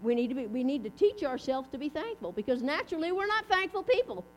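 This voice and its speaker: A middle-aged woman preacher gives a chatty, folksy casual sermon in a high-pitched voice with big pitch swings and a quick pace, asking her listeners questions. Mains hum runs underneath the recording.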